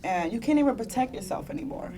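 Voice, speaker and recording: A woman's voice: on the high side, animated, quick pace, a crowd in the background. A young woman on a conference panel giving emotional personal testimony, earnest and close to tears, with rueful laughs. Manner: earnest and heartfelt, often near tears, with bursts of rueful laughter. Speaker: panelist sharing her own story. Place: conference panel in a meeting room.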